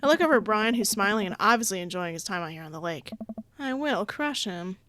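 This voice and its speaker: A young adult woman streaming a game in casual let's-play commentary, reading the on-screen text aloud, playful and excitable, laughing and yelling at the game. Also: mid-range voice, very fast, slight background noise. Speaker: gaming streamer.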